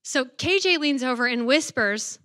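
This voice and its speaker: A woman, a religious sister, giving a faith talk to students. She reads scripture slowly and reverently and tells stories playfully. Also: high-pitched, animated, pushed and bright, no room sound, studio quality.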